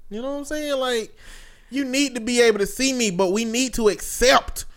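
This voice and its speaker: A man's voice: very high voice, measured pace, a bit bright. A man co-hosting a podcast in casual banter, joking and emphatic, laughing often. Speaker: podcast co-host.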